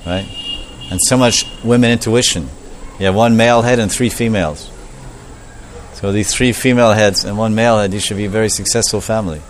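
A man preaching a storytelling sermon, animated and repetitive, acting out the voices of the characters. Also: lowish voice, fairly quick, slight background noise.

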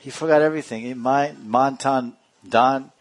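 A man voicing a cheeky male monkey who excitedly tells tales as a witness. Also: medium pitch, normal speed, faint music behind, lightly acted. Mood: tattling. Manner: excited, tattling.

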